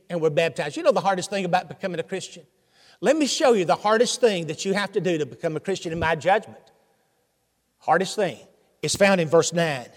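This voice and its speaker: An older man with a Southern American accent preaches in a notably high voice. He drives his sermon with rhetorical questions and swings between emphatic bursts and hushed passages. A long church-hall reverb trails every phrase. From Tennessee, USA. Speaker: visiting preacher.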